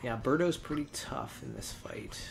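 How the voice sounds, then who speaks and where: A man hosting a let's play, calmly explaining his moves as he plays. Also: mid-range voice, normal speed, gravelly, faint music behind. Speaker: host playing a video game.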